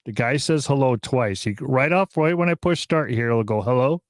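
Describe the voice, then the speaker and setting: A man hosting a live podcast, talking casually and excitedly, with many fillers and restarts. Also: medium pitch, normal speed, no room sound, clean studio sound. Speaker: podcast host.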